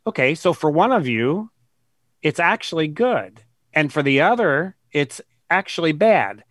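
In a clean, dry studio recording, a male guest author lays out his ideas during an interview with earnest emphasis, slowing to stress key words and retelling conversations as examples. His voice sits on the high side, sing-song and a bit bright.

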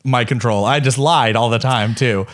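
A young adult man talking casually, telling stories in an animated way with quick asides. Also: mid-range voice. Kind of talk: casual chat.

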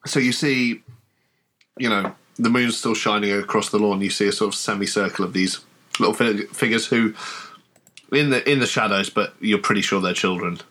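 Low-voiced man running a tabletop game. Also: pushed and bright. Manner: halting, with many restarts and slow descriptive passages. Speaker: game master. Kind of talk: narrating a tabletop horror game.

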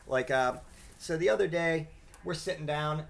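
A man's voice: on the high side, moderate pace, vocal fry. Profane rambling male podcast host. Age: adult father. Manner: profane, rambling, swears constantly. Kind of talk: casual comedic rant.

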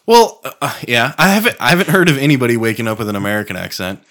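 Man, casual podcast chat, swears a lot, laughs, bright tone. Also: medium pitch, rapid-fire. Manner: swearing, laughing, rambling with fillers. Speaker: podcast co-host.

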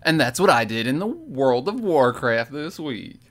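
A man co-hosting a casual gaming podcast, talking in a relaxed way with frequent "like" and quick laughs. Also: mid-range voice. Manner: relaxed, laughing, lots of fillers.

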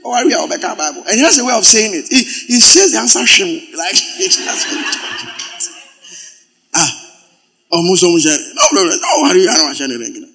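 A man preaching a sermon as pastor, swinging from loud exclamations to quiet asides. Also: high-pitched, expressive, moderate pace, long pauses, slightly rough.

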